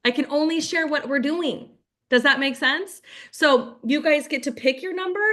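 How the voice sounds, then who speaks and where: A woman's voice: high-pitched, moderate pace, a bit bright. A woman leading a group video call as a network marketing trainer, chatty, with frequent "like" and "right?". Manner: chatty, acts out sample scripts in quotes.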